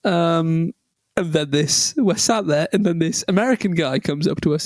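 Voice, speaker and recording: A man's voice: on the high side, normal speed, no echo, clean studio sound. A man co-hosting a podcast and telling a rambling, self-deprecating story with lots of ums. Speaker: podcast co-host. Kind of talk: casual chat, storytelling.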